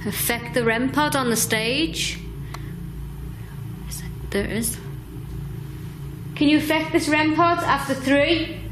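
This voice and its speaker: A woman investigating a haunted building, calling out slow, coaxing questions to a spirit. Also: high voice, fairly even intonation. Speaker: paranormal investigator. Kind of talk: ghost-hunting calls to spirits. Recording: noisy location recording.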